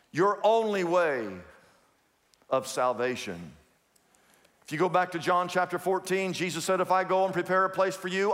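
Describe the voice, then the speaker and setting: A man preaching with a high, bright voice, recorded in a large church hall with a long reverb tail. He is emphatic, lingering slowly over key words and then racing ahead, and he acts out the people he quotes. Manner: emphatic preaching, swinging from drawn-out to rapid; acts out quoted speakers in the sermon. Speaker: pastor. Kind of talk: sermon.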